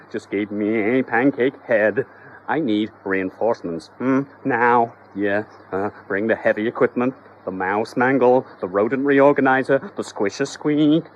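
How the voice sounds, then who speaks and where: A man's voice: medium pitch, dull audio, a little hiss or hum, natural voice. A man voicing a cocky, tough male pest exterminator with swaggering action-hero talk.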